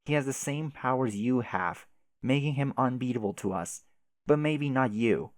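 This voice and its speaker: A man doing a patient companion, hushed and coaxing, steady under strain, read aloud from a comic. The voice stays gentle and low-key while urging her on. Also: moderate pace, no room sound, close to an everyday voice.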